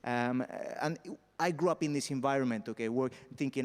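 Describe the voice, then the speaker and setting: A young man from Mallorca doing an animated stand-up comedy set on a festival stage, peppering his talk with punchy "all right?" asides. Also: mid-range voice, brisk, big-room sound. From Mallorca, Spain. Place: festival stage before a live audience.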